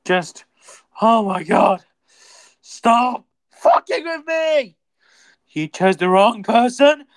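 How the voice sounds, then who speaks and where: A woman's voice: on the high side, expressive, slow, pauses often, dry recording. A woman ranting in frustration, sighing and cursing, repeating herself and close to tears. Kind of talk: angry rant at a moderator.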